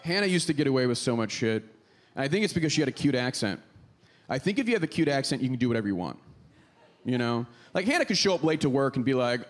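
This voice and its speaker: A man from Pittsburgh, Pennsylvania, performs a wry, self-mocking stand-up set on a comedy club stage, speaking into a handheld mic. His medium-pitched voice is very animated and fast.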